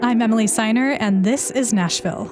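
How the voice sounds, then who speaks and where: A woman's voice: fairly high pitch, a little fast, loud music behind the voice. Woman hosting a public radio show. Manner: clear, conversational.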